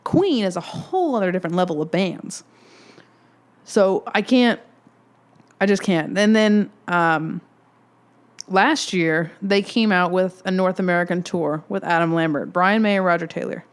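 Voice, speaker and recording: Smooth-voiced young woman, excitable storyteller. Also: on the low side, unhurried. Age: 20s. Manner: excitable, rambling fan storytelling. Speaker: podcast host. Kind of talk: casual solo podcast storytelling.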